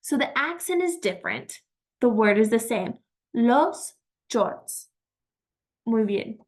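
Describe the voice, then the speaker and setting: A woman teaching vocabulary in a slow, patient, encouraging way, repeating each word and praising the learner. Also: a little high, big pitch swings. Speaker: Spanish teacher. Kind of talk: slow vocabulary lesson with pauses.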